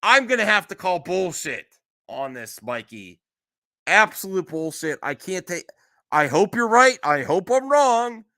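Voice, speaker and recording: Bright-voiced, blunt streamer man. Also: sits high, sing-song, a little slow. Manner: blunt, exasperated, swears freely. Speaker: streamer host. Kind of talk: casual live-stream chat.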